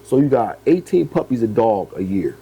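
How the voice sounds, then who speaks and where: A man voicing a boastful older Southern male dog breeder, pitching his voice up and talking like an eager salesman. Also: big pitch swings, moderate pace, husky, muffled recording.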